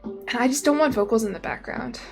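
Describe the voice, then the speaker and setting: A woman's voice: fairly high pitch, brisk, creaky. Chatty young woman streamer, rambling. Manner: rambling, chatty, self-interrupting. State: slightly out of breath. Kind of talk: casual livestream chat. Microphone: desk microphone, no camera. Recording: faint music behind voice.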